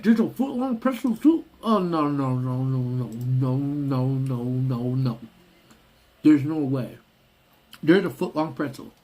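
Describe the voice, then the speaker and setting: Animated man chatting on a lunch-break stream. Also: breathy edge, rough recording. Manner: animated storyteller, swinging from low mumbles to high exclamations. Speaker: live stream host. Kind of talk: casual live chat. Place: parked car on a lunch break.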